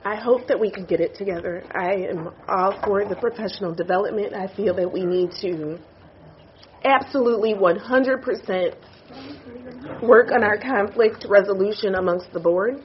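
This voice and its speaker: A woman's voice: medium pitch, moderate pace. Woman crying thru an apology at a board meeting, kinda muffled recording, faint room noise. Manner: emotional, apologetic, tearful confession. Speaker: university board trustee. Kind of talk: public board meeting statement.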